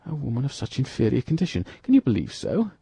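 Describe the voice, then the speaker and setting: A man's voice: mid-range voice, wildly swooping pitch, fast talker, creaky, mellow, slightly rough, no echo, voice pushed up, full character voice. A man doing a blustering proud musketeer. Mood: scornful. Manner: grumbling, contemptuous.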